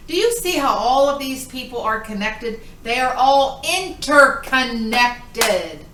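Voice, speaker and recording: A woman's voice: on the high side, pushed and bright, roomy sound, distant mic, a little hiss or hum, rough recording. A woman giving an indignant political rant, hitting single words hard. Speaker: political commentator. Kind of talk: opinion rant to camera. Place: her home.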